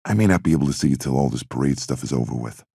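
Male reader as a hot-headed young mobster; brusque, rushed, gravelly. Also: rumbling low, animated, warm tone, no room sound, clean studio sound, full character voice. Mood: hurried. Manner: impatient, brusque.

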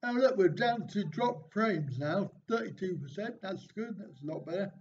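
A man's voice: high voice, lively intonation, normal speed, darkish tone. Man live-streaming with dull lo-fi sound. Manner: reads viewers' jokes aloud and answers chat with dry, self-mocking remarks. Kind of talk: casual live stream, reading viewer chat aloud. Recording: dull, slightly lo-fi stream audio with faint noise.

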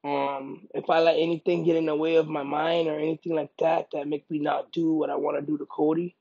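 A man, a professional fighter, speaking in a casual interview, emphatic and animated, often repeating himself for emphasis. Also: fairly high pitch, brisk, gravelly, breathy edge, lo-fi sound. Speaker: MMA fighter.

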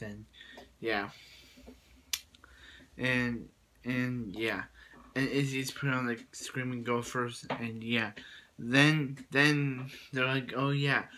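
A man's voice: mid-range voice, sharp tone. A man casually recapping a cartoon episode in a rambling way, full of fillers and restarts. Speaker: show reviewer.

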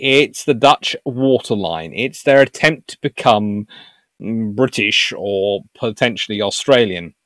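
This is a man hosting a live history stream and answering his chat. His voice swings up and down, lively and playful, and it is recorded close and dry with no room sound. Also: mid-range voice, dry recording. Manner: animated and jokey, puts on silly voices for nations. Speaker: naval history livestream host.

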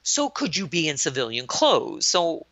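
A woman's voice: low-pitched, a little slow, no echo. A woman in her sixties, a retired army colonel from the United States, telling anecdotes in an interview and acting out the quoted lines. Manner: lively storyteller who acts out quoted lines. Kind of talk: anecdotal storytelling in a podcast interview. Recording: dull lo-fi, dry sound.

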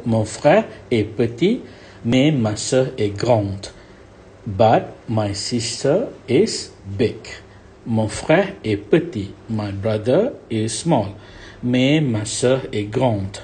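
A male teacher giving a French lesson, repeating each word slowly and checking understanding with a rising "okay?". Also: medium pitch, warm tone, a little hiss or hum. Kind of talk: recorded language lesson.

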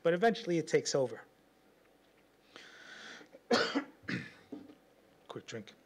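A man's voice: fairly high pitch, takes it slowly. A man preaching a sermon as pastor, telling stories with lots of laughter and acting out the voices of people in them. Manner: animated storytelling, laughs often, acts out quotes.

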